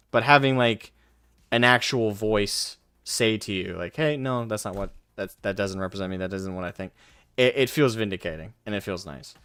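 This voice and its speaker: A man's voice: fairly low pitch, a bit bright, clear, resonant tone, no echo. A young man chatting casually on a live stream, reading and answering chat with frequent laughs and casual swearing. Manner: laughs often, self-deprecating, swears casually.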